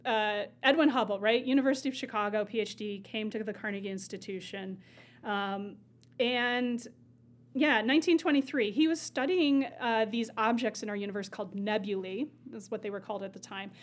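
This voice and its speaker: A woman's voice: medium pitch, fairly even intonation, a little fast. A woman astronomer guiding an interview, explaining enthusiastically and patiently with many fillers. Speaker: astronomer guide. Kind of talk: conversational explaining.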